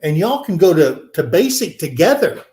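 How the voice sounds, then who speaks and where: Animated older man telling a story. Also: on the high side, moderate pace. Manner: animated, acts out quoted people in a raised voice; rambling with many fillers and restarts. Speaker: podcast co-host. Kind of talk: casual storytelling. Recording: echoey room.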